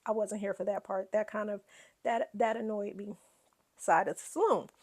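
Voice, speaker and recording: A woman hosting a casual reality TV recap, sassy and animated, laughing often as she dishes gossip. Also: medium pitch, moderate pace.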